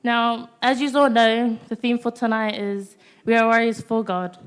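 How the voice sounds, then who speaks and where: A teenage girl with a high, smooth voice and a steady tone preaches to a youth congregation in a church. She lays out her sermon in short, declared points, pausing after almost each one to ask "Amen?" for call-and-response.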